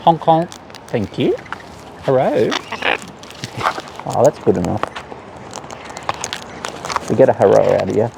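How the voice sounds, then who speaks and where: A man's voice: sing-song, takes it slowly, long pauses. A man chatting to his pet birds in a cooing, sing-song voice, recorded on a camera on a tripod. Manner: cooing, sing-song talk to birds with high squeaky swoops. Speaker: bird keeper filming his parrots. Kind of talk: casual chat to pet birds. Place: indoors among pet birds. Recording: clear background noise.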